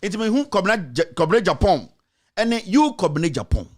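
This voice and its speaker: A Ghanaian man hosting a talk show, his high voice rising as he pushes his point with passion. He repeats his lines and fires rhetorical questions straight at his critics. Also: sing-song, normal speed, a little mellow. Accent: Ghanaian English. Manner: passionate, repetitive, rhetorical, addressing critics directly. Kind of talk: impassioned political commentary.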